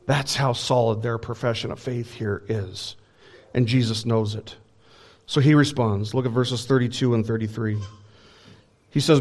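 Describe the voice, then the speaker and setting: Male pastor, sermon, mid-pitched voice, emphatic rises, hushed solemn drops, acts out quoted dialogue. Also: fairly even intonation. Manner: expository preaching with dramatic pauses and emphatic rises.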